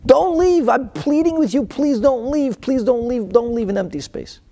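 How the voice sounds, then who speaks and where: A man voicing a frantic old female apple seller who begs urgently in a shrill, raised voice. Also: normal speed, warm tone. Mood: pleading.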